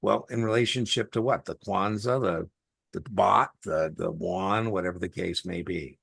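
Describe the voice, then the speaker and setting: A middle-aged man with a low, gravelly, slightly husky voice tutors a student one-on-one over a video call. He talks in a chatty, folksy way, full of anecdotes and fillers. The sound is dry and close. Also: moderate pace, fairly bright tone, no room sound. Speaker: exam tutor.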